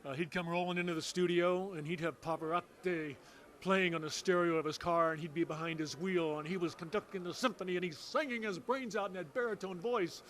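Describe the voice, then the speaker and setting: A man's voice: high-pitched, fairly even intonation, a little fast, a bit bright. A man, a soap opera actor, reminiscing casually and acting out quoted lines with gusto.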